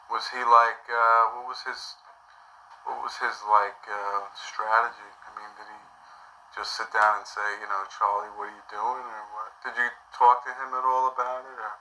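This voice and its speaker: A man interviewing a friend in a casual way, asking halting questions full of fillers. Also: medium pitch, pushed and bright, poor audio.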